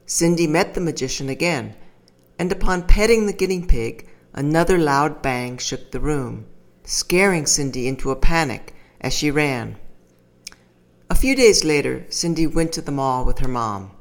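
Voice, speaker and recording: A calm narrator reads a scripted teaching story at an even, measured pace. The voice sits in a middle register, neither high nor low, and the telling stays steady from line to line.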